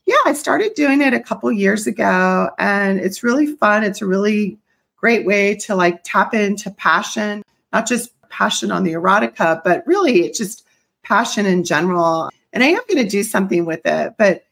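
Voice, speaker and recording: A woman's voice: medium pitch, lively intonation, normal speed, gravelly, fairly bright tone. A middle-aged woman from the American South with only a faint Southern accent, chatting as a guest in an interview, upbeat and full of fillers. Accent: slight Southern US. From US South (South Carolina). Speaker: guest, company CEO. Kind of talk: casual interview talk.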